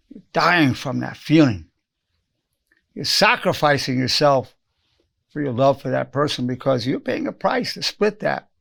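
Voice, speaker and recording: A man's voice: fairly high pitch, vocal fry, fairly bright tone. A man in his eighties, a psychologist giving an earnest spoken self-help lesson, repeating lines for emphasis and acting out quoted phrases. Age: 80s.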